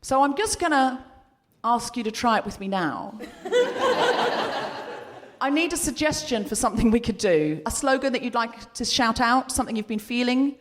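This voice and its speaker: A woman hosting a live comedy podcast, playful and animated, sometimes shouting to lead the audience. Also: on the high side, moderate pace. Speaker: podcast host. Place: live venue, former courtroom. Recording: echoing hall, noisy live crowd.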